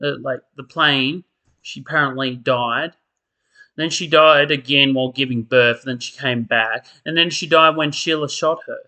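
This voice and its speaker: Speaking at a normal speed in a steady, sharp, mid-range voice, a soap opera commentator, likely a man, rants casually. He comes across as tired and fed up, mimicking the characters mockingly.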